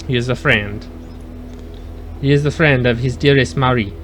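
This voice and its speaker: A man's voice: medium pitch, normal speed, fairly bright tone, a little hiss or hum. A man casually commentating his gameplay, chatting with his live chat and joking around. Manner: chatty, talks to live chat, jokey mock accents. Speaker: let's play host.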